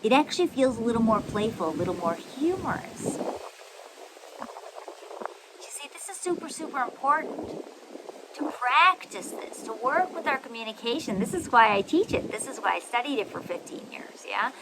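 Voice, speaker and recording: A woman who hosts a podcast and coaches listeners on communication. She talks in an animated, affectionate way and keeps checking that listeners agree. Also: a little high, moderate pace. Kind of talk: coaching monologue. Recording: noisy recording with ambient and traffic sounds.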